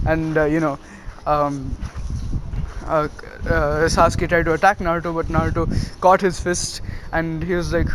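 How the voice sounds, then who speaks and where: A man's voice: on the high side, flat delivery, a little slow, background noise. A young man casually retelling a fan story, rambling with lots of fillers and little laughs.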